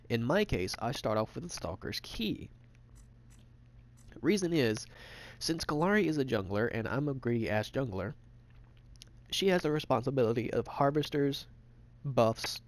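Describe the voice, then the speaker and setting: A man casually narrating a game tutorial, rambling and swearing, with frequent restarts. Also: mid-range voice. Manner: rambling, profane, fast talk with restarts. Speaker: gaming channel host.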